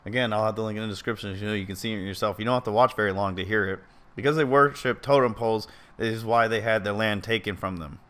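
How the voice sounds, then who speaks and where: Rambling, earnest man with a lowish voice. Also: steady tone, quick pace, fairly bright tone. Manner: rambling, with frequent stumbles and self-corrections; earnest, openly opinionated. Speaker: video commentator. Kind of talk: casual commentary reading an article aloud.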